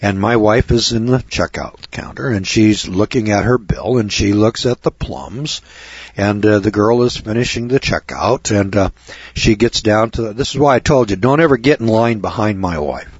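A man's voice: lowish voice, moderate pace, husky, no echo. A man talking as a show host, telling a long rambling story in an indignant, repetitive, chatty way. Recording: dull lo-fi recording.

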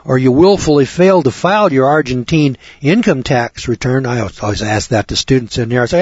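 Husky man lecturing in folksy rhetorical style. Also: mid-range voice, a little fast, a little mellow, dry recording. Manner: folksy, rhetorical, repeats questions. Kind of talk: lecture to students. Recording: dull lo-fi recording.

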